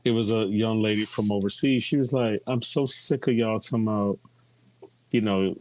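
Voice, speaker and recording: Chatty low-voiced man telling stories. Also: steady tone, normal speed, a little mellow. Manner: chatty storyteller, quotes others often. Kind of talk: casual group chat.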